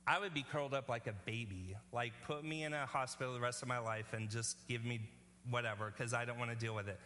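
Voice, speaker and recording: A man's voice: medium pitch, steady tone, quick pace, sharp tone, big-room sound, a little hiss or hum. A male pastor preaching a sermon in an earnest, conversational way, often checking in with the congregation.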